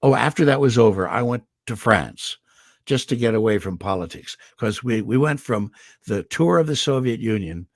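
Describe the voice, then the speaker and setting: Older man with a gravelly, husky voice. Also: mid-range voice, moderate pace, no echo, studio quality. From Indiana, USA. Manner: animated storyteller, slips into character voices for quotes. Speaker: guest voice actor. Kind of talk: anecdotal storytelling.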